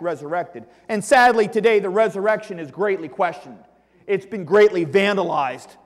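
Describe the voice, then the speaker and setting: A man preaching a sermon as pastor, emphatic, swinging between loud exclamations and hushed asides. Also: sits high. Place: church sanctuary. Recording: long reverb of a church hall.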